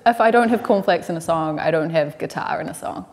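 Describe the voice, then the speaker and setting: A woman's voice: low voice, a little fast, darkish tone. A young woman, musing hesitantly as a musician guest, full of likes and ums. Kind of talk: relaxed interview chat.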